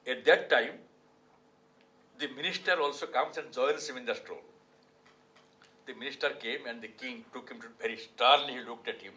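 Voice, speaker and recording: An older man with an Indian English accent tells a story in a measured, reflective way, often pausing to restart a sentence. His voice is bright and forward, pitched mid-range for a man, and steady in tone. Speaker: author giving a talk. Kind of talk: storytelling lecture. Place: hall.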